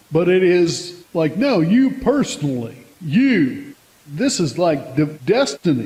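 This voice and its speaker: A man's voice: high voice, a little mellow, big-room sound, rough recording. A man humorously retelling a horror film, rambling and breaking into giggles as he goes. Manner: rambling, giggly storytelling with many restarts. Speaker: comedic movie recapper.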